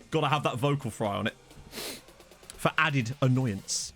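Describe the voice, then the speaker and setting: A young man with a medium-pitched, fairly bright voice chats and jokes at a normal speed, leaving long pauses as he plays a football management game. He's a gaming channel host doing casual let's-play commentary into a desktop studio mic, reacting to the match with faint game music behind him.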